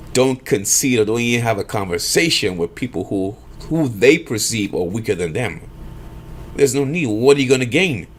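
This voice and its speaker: A man with a mid-range voice delivers an emphatic monologue on power politics, lecturing and firing off rhetorical questions. There's a little hiss or hum on the recording.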